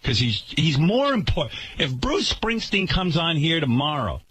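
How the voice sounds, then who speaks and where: A husky-voiced man rants on his radio talk show, sarcastic and indignant. His pitch swings widely as he talks, and his tone stays forceful and sharp throughout. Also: very animated, normal speed, few pauses.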